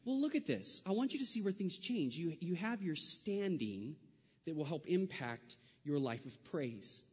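Guy from california preaching, slightly high voice, storytelling then slow emphatic, muffled and echoey church. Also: expressive, darkish tone, husky. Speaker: pastor. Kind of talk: sermon.

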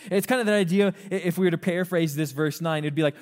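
Animated man preaching in an echoing hall. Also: a little high, quick pace, few pauses. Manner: animated, acts out quoted voices of parents and teens. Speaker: youth pastor. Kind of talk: sermon. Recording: long reverb of a hall.

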